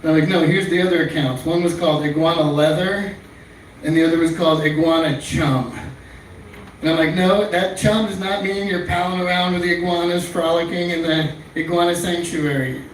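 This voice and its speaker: A man's voice: fairly high pitch, steady tone, fairly quick. A man doing a stand-up comedy set in a small club, telling crude, rambling stories. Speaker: stand-up comic. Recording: echoey room, far-off mic, faint noise.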